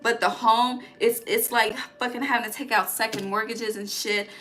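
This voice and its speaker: A woman's voice: a little high, steady tone, moderate pace, fairly bright tone, a little hiss or hum. A woman giving a casual tarot reading, blunt and profane, often ending her points with "okay?". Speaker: tarot reader.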